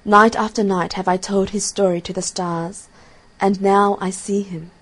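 A woman's voice: medium pitch, level tone, measured pace, close to an everyday voice, rough recording. A tender, devoted nightingale speaks with earnest, lifted feeling, as a woman reading the tale puts her on. Her lines come out raised and full of longing. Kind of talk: storybook reading.

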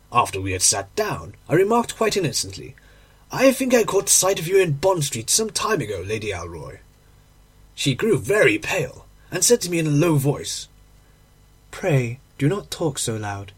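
Lively husky male storyteller. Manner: measured storytelling, slowing on key phrases, dropping low on dialogue tags. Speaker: narrator. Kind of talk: audiobook reading of a classic short story.

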